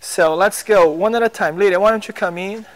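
A man's voice: high-pitched, a little fast. A man coaching young players on a tennis court, encouraging them with short drill commands.

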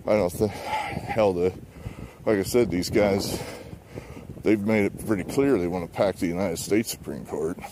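A man's voice: low-pitched, measured pace, background noise. A man giving rambling, blunt political commentary with swearing and many fillers while walking outdoors, slightly out of breath, recorded on a handheld phone. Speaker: political vlogger. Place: outdoors on a neighborhood walk.

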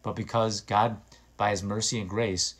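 Low-voiced man preaching with earnest urgency. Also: steady tone, moderate pace, a bit bright. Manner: earnest and exhorting, rising to emphatic bursts. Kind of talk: informal sermon.

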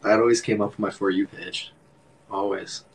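Husky laid-back Canadian guy. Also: on the low side, little pitch movement, normal speed, low-quality recording. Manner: laid-back, laughs often, heavy use of "like". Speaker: livestream host. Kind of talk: casual livestream chat.

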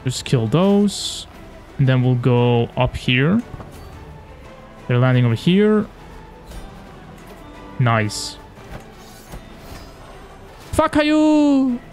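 A young man casually commentating his strategy game, animated and taunting, swearing as he plays. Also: medium pitch, extremely slow, long pauses, faint music behind. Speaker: gaming YouTuber.

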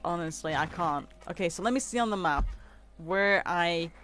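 A woman's voice: fairly low pitch, normal speed, a bit bright, soft background music. A woman, chatting casually with viewers on a game stream and laughing easily. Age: 20s. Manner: chatty and giggly, reading out and answering chat.

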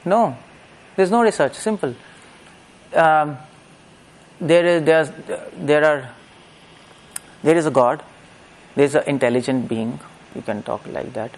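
A man's voice: fairly high pitch, measured pace, pauses often. A middle-aged man, giving a lecture-style religious discourse and asking his audience rhetorical questions. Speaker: preacher.

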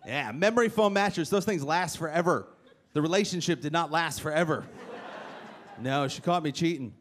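In a live comedy club set, a brash male comic needles the crowd with punchlines at normal speed, his voice on the high side and fairly bright. The recording includes crowd noise and laughter.

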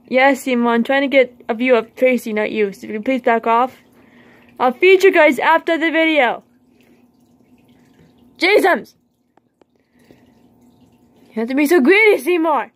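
High-voiced excitable woman vlogging her fish. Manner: excitable, scolds and teases her fish playfully. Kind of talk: casual vlog chatter to her pets.

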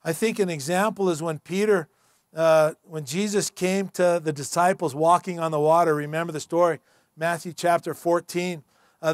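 A man's voice: on the high side, dry recording, clean studio sound. A man pastor preaching a sermon in church, earnest and emphatic in a conversational way.

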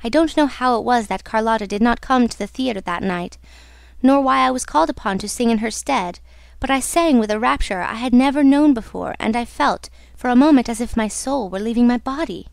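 A woman's voice: a little high, brisk, gravelly, dry recording. A woman reading the part of a young woman singer, telling her love her story in an intimate, earnest way. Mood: wistful.

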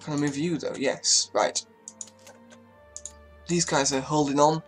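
A gaming YouTuber, his voice on the high side and his pace measured, gives casual, chatty commentary on a strategy game over faint music. He swears freely and talks to his units as he moves them.

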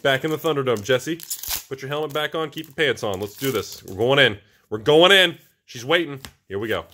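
A man hosting a card box-opening video, talking through each pull with animated, excitable commentary. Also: medium pitch, a little fast, slight background noise. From United States. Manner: animated, swings from hushed awe to whooping excitement. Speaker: channel host opening card packs.

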